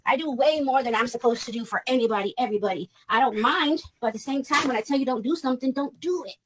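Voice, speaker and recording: A woman ranting on a livestream, talking quickly and bluntly, with heavy swearing and lots of repetition. Her voice sits a little high, and a faint hiss runs under the recording. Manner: blunt, heated, swears a lot, repeats herself. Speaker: vlogger. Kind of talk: clipped livestream rant.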